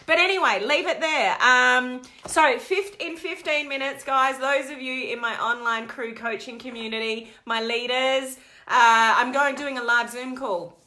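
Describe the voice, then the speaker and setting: A woman with a fairly high, bright, forceful voice talks straight to her viewers in a live stream. She tells a rambling story with lots of energy and asides. She sounds like a coach chatting with her own community. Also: unhurried. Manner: animated, digressive storytelling. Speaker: network marketing coach.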